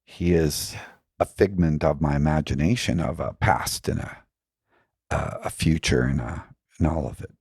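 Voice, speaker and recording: A man's voice: extremely low pitch, moderate pace, creaky, a little mellow, husky, no echo, clean studio sound. A man talking as a podcast guest, telling his story in a reflective way with many "you know" fillers.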